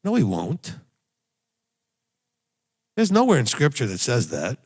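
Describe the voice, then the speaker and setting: A man's voice: mid-range voice, huge pitch swings, a little slow, darkish tone. A man, a rabbi, giving a sermon with blunt, emphatic exhortation and repeated key phrases. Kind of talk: recorded sermon teaching.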